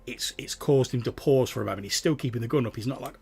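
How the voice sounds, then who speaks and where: A man's voice: mid-range voice, quick pace, gravelly, darkish tone, slightly rough. A man narrating a tabletop game as game master, loose and full of fillers. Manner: many fillers, describes scenes loosely.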